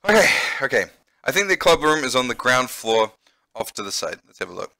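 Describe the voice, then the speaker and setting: A man's voice: mid-range voice, very animated, brisk, creaky, bright, forceful tone, dry recording. A man with a New Zealand accent who teaches English, reading a visual novel aloud and chatting in a teacher's explaining way.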